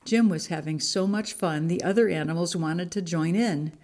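A woman reading a children's picture book aloud in a church service, expressive storytelling. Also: fairly low pitch, moderate pace.

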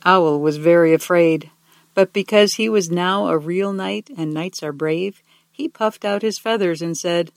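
A storyteller reading a children's picture book aloud, gently and expressively, slowing down on key words. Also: medium pitch, gravelly, no room sound. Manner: gentle, expressive, soft-spoken, slowing for emphasis.

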